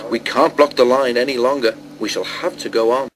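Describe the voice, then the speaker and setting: A man's voice: medium pitch, steady tone, fairly quick, slight background noise, close to an everyday voice, low-quality recording. A man voicing a good-natured engine driver who jokes with his engine. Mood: apologetic. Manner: teasing, then apologetic.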